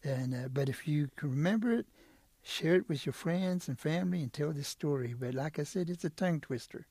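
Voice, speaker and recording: A man's voice: a little high, animated, brisk, darkish tone, dry recording. A middle-aged man telling folk stories aloud, rhythmic and playful, sometimes tripping over his words. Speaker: storyteller. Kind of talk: oral storytelling.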